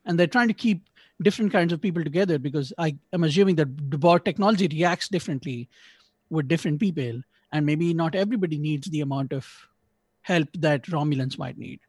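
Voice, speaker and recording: Male podcast host, slightly higher voice, dry close sound, rambling casual review. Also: a little fast, darkish tone, dry recording. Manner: rambling, self-correcting, joking asides. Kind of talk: casual episode review chat.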